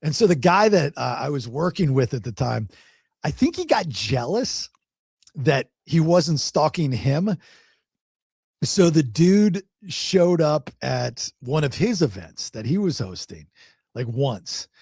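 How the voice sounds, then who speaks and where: A man's voice: on the high side, takes it slowly, creaky, slightly rough, no echo, clean studio sound. A male podcast host, telling a long story in casual chat, rambling and repeating words. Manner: rambling, repeats words, animated when quoting others.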